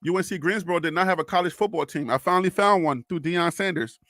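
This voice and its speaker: A man's voice: sits high, quick pace, fairly bright tone, dry recording, clean studio sound. A man from Brooklyn hosting a live stream, arguing back at viewer comments in casual chat. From Brooklyn, New York. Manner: argumentative, rebutting viewers.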